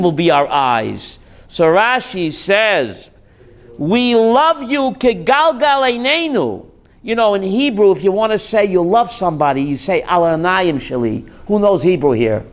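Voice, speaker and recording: Rabbi guy teaching torah class, high voice, swoops all over, cracks jokes at the crowd. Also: very animated, unhurried. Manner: joking, quizzes the audience. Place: class with a live audience.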